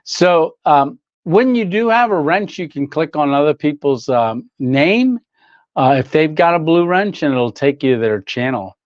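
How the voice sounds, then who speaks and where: A man's voice: fairly high pitch, animated, a little slow, dry recording, highs cut off. An older man hosting a casual livestream, rambling through stories, reading chat aloud and laughing often. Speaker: livestream host.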